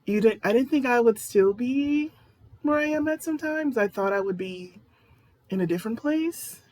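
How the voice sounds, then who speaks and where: A woman's voice: on the high side, lively intonation, normal speed, darkish tone, dry recording. A woman talking casually to camera in a personal vlog, rambling and candid. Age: adult. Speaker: vlogger.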